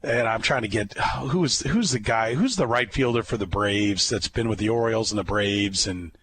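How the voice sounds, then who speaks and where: A man hosting a sports talk show, chatting casually as an animated storyteller who rambles and restarts often. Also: lowish voice, normal speed, slight background noise. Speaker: radio sports host.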